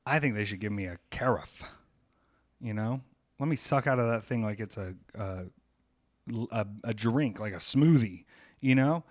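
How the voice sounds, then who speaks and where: A man's voice: lowish voice, moderate pace, no echo, clean studio sound. A man hosting a podcast, talking in a rambling, jokey, riffing way. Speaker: podcast host. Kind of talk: casual chat.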